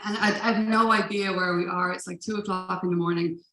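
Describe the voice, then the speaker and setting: A woman's voice: on the low side, fairly even intonation, brisk, pushed and bright, a little hiss or hum. A woman telling a personal story at a live event, in a casual, profane manner with frequent laughs. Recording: roomy live room echo.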